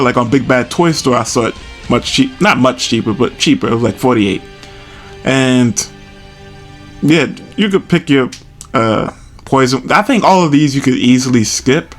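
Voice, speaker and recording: Casual male host with a mid-range voice, chatty and chuckling, faint music underneath. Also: medium pitch. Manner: chatty, self-amused, chuckles often. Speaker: toy collector video host. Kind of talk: casual product walkthrough.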